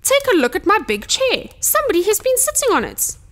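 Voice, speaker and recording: A woman doing a gruff growling father bear. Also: high-pitched, wildly swooping pitch, moderate pace, fairly bright tone, voice pushed up, full character voice. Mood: indignant.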